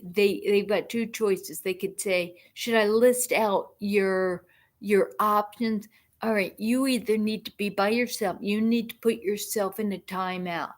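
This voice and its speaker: Slow-talking woman hosting a rambling chat. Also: medium pitch. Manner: rambling, repeats and restarts words, laughs often. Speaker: host. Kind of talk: casual live-stream talk.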